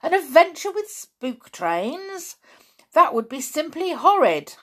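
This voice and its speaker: Woman doing a timid shrill little girl. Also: sing-song, slow pace, exaggerated voice. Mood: horrified. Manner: pleading, high and shrill.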